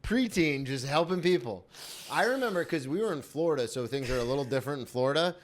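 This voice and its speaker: A man hosting a podcast, chatting casually with quick rambling asides. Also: fairly high pitch, animated, a little hiss or hum. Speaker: podcast host. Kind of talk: casual chat.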